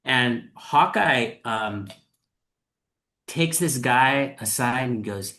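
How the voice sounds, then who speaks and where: Bright-voiced man hosting a podcast. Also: mid-range voice. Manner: thoughtful, earnest, halting with fillers. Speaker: podcast host. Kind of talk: casual chat.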